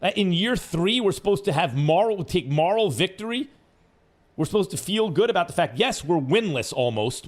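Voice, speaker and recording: A man's voice: sits high, gravelly. A man hosting sports talk radio, arguing his points with mocking asides in a studio. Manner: animated, argumentative, mocking asides.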